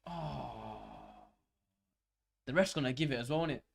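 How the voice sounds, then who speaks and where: A young man hosting a live football watch-along, swearing and shouting at the match as it unfolds. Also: mid-range voice, unhurried, creaky. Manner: swearing, excitable, shouts at the game. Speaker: fan channel host.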